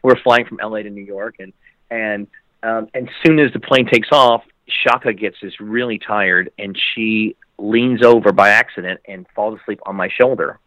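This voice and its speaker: A man with a bright, forceful voice and a fairly low pitch, chatting as a guest. He rambles through his stories with fillers and restarts. His voice jumps up high when he quotes people. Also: fairly even intonation, moderate pace, no echo, muffled recording. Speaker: guest actor. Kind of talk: casual storytelling interview.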